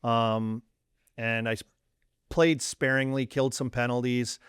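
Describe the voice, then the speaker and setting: A man's voice: mid-range voice, measured pace, clean tone, no room sound, clean studio sound. A Canadian man in his forties, a former hockey player, telling stories in a casual chat and acting out the dialogue. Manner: animated storyteller, acts out quoted dialogue.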